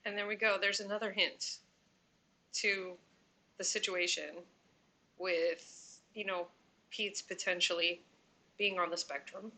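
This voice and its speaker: A woman hosting a reaction commentary channel, her voice bright and forward. She rambles and speculates, leaning on fillers as she works through her point. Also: mid-range voice, fairly even intonation, takes it slowly, long pauses.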